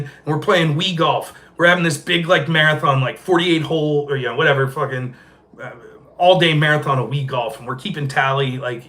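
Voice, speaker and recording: A man in his forties hosting a podcast, telling a profane, animated story in a casual chat style. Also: on the high side. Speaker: podcast host.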